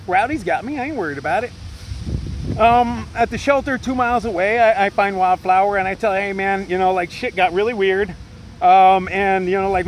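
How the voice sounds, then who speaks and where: A man's voice: high voice, fairly bright tone, a little hiss or hum, low-quality recording. A man, a solo hiker, telling a rambling story in a profane, agitated way, full of fillers. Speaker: solo trail hiker vlogger. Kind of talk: rambling casual rant.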